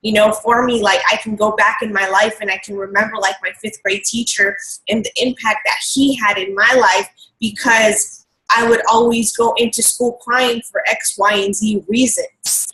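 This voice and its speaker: A woman's voice: medium pitch, steady tone, normal speed, bright, forceful tone, poor audio. Earnest woman co-host reflecting. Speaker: show co-host. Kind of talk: casual reflective chat.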